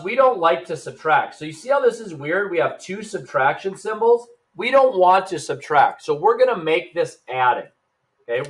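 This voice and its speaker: A man's voice: a little high, fairly bright tone. A male teacher giving a recorded math lesson, casual and upbeat, talking straight to his students.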